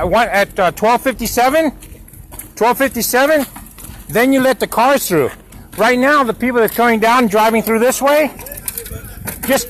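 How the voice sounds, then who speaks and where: A man's voice: very high voice, fairly bright tone, slight background noise, rough recording. A man filming on a street by a school with his phone, arguing heatedly with road workers and repeating himself. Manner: heated, argumentative, repetitive. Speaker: parent filming a street dispute. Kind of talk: handheld confrontation vlog.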